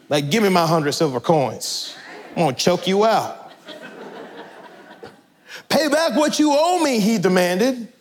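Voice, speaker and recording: Male pastor, high-pitched, conversational sermon with animated asides.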